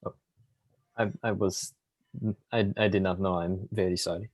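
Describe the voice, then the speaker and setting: A man playing in a tabletop game, speaking in a polite, hesitant, halting way. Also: low-pitched, steady tone. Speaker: player. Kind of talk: tabletop role-play.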